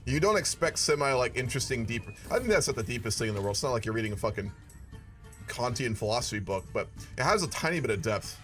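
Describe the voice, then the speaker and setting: Casting note: man, mid-pitched voice, loose cursing let's-play commentary with a wry edge. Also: sing-song, fast, a bit bright, soft background music. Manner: profane, wry asides. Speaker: gaming video creator. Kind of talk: casual gameplay commentary.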